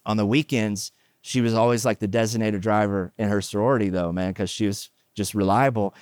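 A middle-aged man preaching a conversational sermon, mixing jokes and animated asides with scripture. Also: lowish voice, brisk, clear, resonant tone, no echo, studio quality. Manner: joking, animated asides, chatty fillers. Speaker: pastor.

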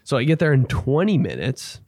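A man's voice: mid-range voice, huge pitch swings, normal speed, darkish tone, no echo, studio quality. A young man hosting a podcast, telling rambling casual stories and acting out the people in them. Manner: rambling, acts out quoted people in his stories. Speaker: podcast host. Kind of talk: casual storytelling.

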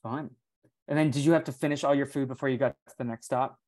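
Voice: mid-range voice, fairly even intonation, fast talker, darkish tone. A podcast host running a casual catch-up with friends. The talk is teasing and slangy, light and offhand. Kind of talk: casual chat.

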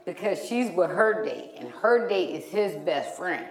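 A woman co-hosting a podcast, telling a story in casual chat, animated and profane, loudly acting out the lines she quotes. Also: medium pitch, moderate pace, few pauses, reverberant. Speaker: podcast co-host.

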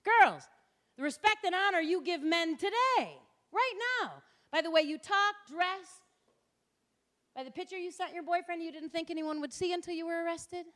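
A woman's voice: extremely high pitch, normal speed, a bit bright. A middle-aged woman giving a passionate public lecture, punchy and direct, acting out the people she quotes. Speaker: public speaker. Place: lecture hall.

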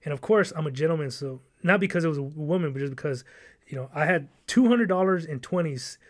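A man's voice: fairly high pitch, lively intonation, fast talker. A young man hosting a podcast, telling a long rambling, profane story in casual chat. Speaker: podcast host.

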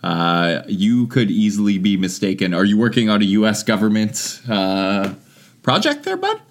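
A man's voice: lowish voice, normal speed. Dry, teasing man. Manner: dry, teasing, reads out warnings in a deadpan way. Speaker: podcast co-host. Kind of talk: casual comedic podcast banter.

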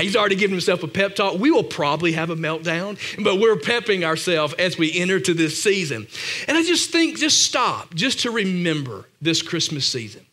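A man preaching in a church room, his voice pitched high for a man and ringing brightly. He talks to the congregation as a pastor, loosely and conversationally, mixing personal stories with joking asides. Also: lively intonation, fairly quick. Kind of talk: sermon.

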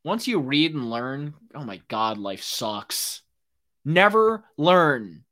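A young man hosting a solo podcast, ranting excitably in casual speech, with lots of fillers and swearing. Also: mid-range voice, takes it slowly. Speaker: podcast host. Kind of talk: solo rambling podcast monologue.

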